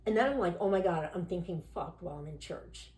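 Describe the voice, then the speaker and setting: A woman's voice: on the low side, fast, darkish tone. Candid rambling woman in a roomy space. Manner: candid, rambling, full of "you know" and "like", acts out quoted voices. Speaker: podcast guest telling her recovery story. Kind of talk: casual interview storytelling. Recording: roomy echo.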